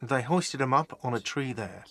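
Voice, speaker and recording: A man's voice: mid-range voice, animated, moderate pace, fairly bright tone. An actor playing a prickly middle-aged male cafeteria manager in a video game, irritable and defensive. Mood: grumpy.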